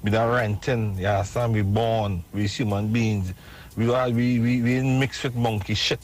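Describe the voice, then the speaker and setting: A Trinidadian man calling in to a radio show, forcefully rallying listeners and often asking "right?". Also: on the low side, fairly even intonation, moderate pace. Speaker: radio caller. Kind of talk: call-in radio rant.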